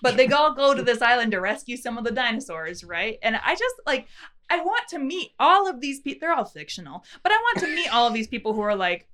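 A young woman in casual podcast chat, her voice higher than most and strikingly bright. She talks in an animated, profane way and acts out movie scenes in silly voices. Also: fast talker. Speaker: podcast co-host.

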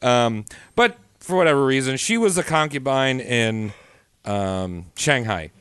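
A man's voice: medium pitch, animated, a little slow, fairly bright tone, clean tone, dry recording, studio quality. A man casually recounting a history story to friends on a podcast, joking and full of fillers. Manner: loose, joking, many fillers and restarts.

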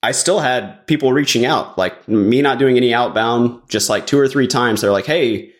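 A man's voice: medium pitch, normal speed. A man chatting casually as a podcast guest, rambling along with lots of "like" fillers. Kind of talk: casual chat.

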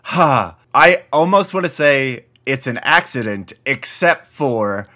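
Male podcast co-host, bright voice, casual filler-heavy movie banter. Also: mid-range voice, animated, takes it slowly. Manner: loose, filler-heavy, chuckling.

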